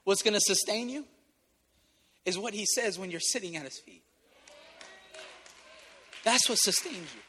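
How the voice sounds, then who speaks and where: High-voiced man preaching a tearful sermon. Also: animated, unhurried, pauses often, in a large hall, a little hiss or hum. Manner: emotional, swinging from loud exhortation to soft intimacy.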